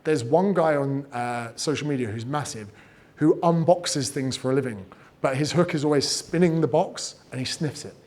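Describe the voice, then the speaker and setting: A man giving casual, energetic advice on growing an audience, swearing freely and acting out what people say. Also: mid-range voice, normal speed. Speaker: fitness and business coach giving creator advice. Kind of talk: casual talk, teaching.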